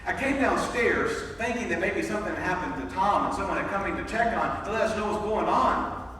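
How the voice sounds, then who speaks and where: High-voiced pastor in an echoey hall. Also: male voice, a little fast, pushed and bright, a little hiss or hum. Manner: dramatic first-person retelling with repeated words. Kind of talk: sermon storytelling. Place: church sanctuary. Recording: echoey hall recorded from far off.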